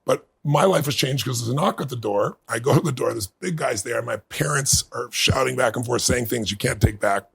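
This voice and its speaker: A middle-aged man being interviewed, telling a personal story in earnest and building to bursts of excitement. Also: mid-range voice, brisk, few pauses. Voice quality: gravelly, husky. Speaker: guest.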